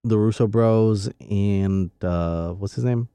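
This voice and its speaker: Man, low mellow smooth voice, hesitant, podcast co-host. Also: slow, no room sound. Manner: hesitant, many uh fillers, laid-back. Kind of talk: casual chat.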